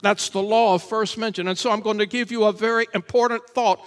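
Pastor guy preaching sunday sermon, really high voice, punchy repeats, goes loud then quiet. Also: steady tone, a little fast. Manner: emphatic and repetitive, rising to shouts then dropping low. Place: church service.

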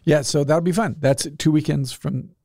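A man's voice: fairly high pitch, moderate pace, a little mellow, dry recording, clean studio sound. A man co-hosting a casual podcast, teasing and easygoing. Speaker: podcast co-host. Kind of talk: casual chat.

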